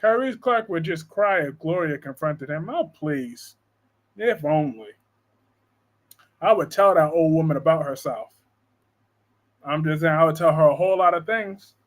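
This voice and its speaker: High-voiced joking man hosting a live chat. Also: unhurried, long pauses. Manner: animated, joking, reads viewer comments aloud. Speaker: live-stream host discussing soap operas. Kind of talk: casual live-stream chat.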